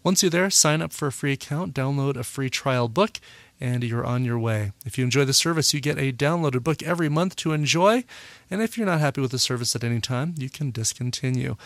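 A man hosting a music podcast in a relaxed, casual way, often pausing with "uh" and correcting himself. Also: medium pitch, dry recording. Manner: relaxed, full of "uh" fillers and self-corrections. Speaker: podcast host. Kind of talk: casual radio-style podcast chat.

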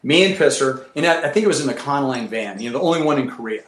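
A man telling profane, animated war stories as a former military pilot, acting out what people said. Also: medium pitch, very fast. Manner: profane, animated, acts out quotes. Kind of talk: casual storytelling chat. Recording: echoey room with faint noise.

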